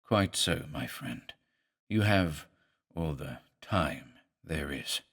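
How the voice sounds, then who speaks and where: A man voicing a sinister, sardonic foreign professor who speaks softly with a hissing sibilance, in a horror audiobook. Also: rumbling low, expressive, takes it slowly, husky, voice pushed down, full character voice. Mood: coldly polite.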